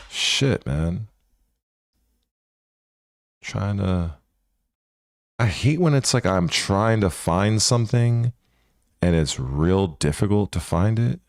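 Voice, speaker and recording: A man's voice: low-pitched, no room sound, studio quality. A male channel host mumbling aloud as he searches through old videos. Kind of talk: casual vlog commentary.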